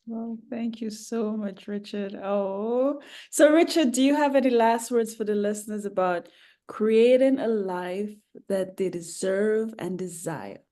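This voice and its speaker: A woman hosting a podcast interview, her voice mellow and soft-edged. She thanks her guest and asks a closing question in an easy, gracious way. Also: mid-range voice, measured pace. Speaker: podcast host. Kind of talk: conversational interview.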